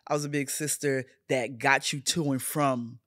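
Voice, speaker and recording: A middle-aged woman speaks in a casual podcast chat. She is earnest and openly emotional, often stretching her words out slowly. The sound is close and dry, with no room around it. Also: rumbling low, steady tone, fairly bright tone, no echo. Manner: emotional, earnest, drawn-out phrasing. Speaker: guest, older sister.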